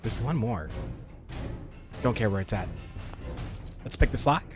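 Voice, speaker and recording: A man's voice: lowish voice, lively intonation, a little slow, over music. A man streaming a game, chatting casually with viewers, rambling and laughing often. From United States. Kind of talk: casual gaming stream chat.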